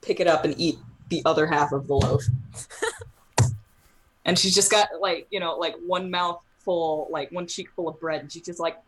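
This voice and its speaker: A woman's voice: on the low side, normal speed, background noise. A woman player in a tabletop game, playful and chatty with lots of "like"s. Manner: playful and animated, with many "like"s. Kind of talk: casual tabletop role-play.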